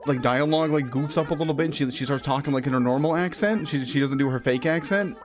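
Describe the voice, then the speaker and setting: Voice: mid-range voice, quick pace. A game streamer chatting casually to viewers while playing, rambling and often correcting themselves, with faint game music behind. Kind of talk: casual live-stream commentary over gameplay.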